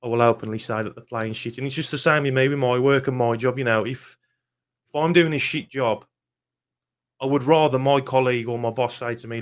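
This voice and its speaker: A man's voice: medium pitch, fairly even intonation, brisk. A young man, ranting angrily and swearing bluntly in a football fan vlog. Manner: angry, swears often, blunt.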